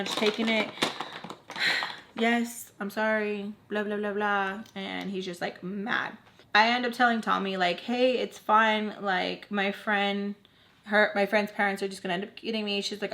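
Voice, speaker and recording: A woman's voice: medium pitch, a bit bright. A young woman telling a personal story in a casual vlog while she does her makeup. She talks chattily, fills her speech with "like" and acts out what the other people said. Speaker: YouTube storyteller.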